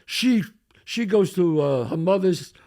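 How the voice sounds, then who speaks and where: A man's voice: high voice, unhurried. An older man hosting a podcast, telling a story in casual chat and acting out what everyone said, laughing often. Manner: animated storyteller, acts out quotes, laughs a lot. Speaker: podcast host.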